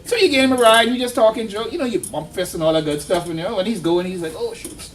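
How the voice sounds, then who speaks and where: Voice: mid-range voice, fast, a little hiss or hum. Instructor recorded from afar. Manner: conversational, storytelling, quizzing the class. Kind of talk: classroom lecture. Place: classroom. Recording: distant classroom recording with faint ambience.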